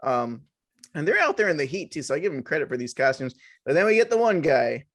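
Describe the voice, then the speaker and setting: A man's voice: on the high side, very animated, quick pace, dry recording. Jokey man with a raised, dry voice. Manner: rambling, jokey storytelling. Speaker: podcast co-host. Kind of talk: casual horror podcast chat.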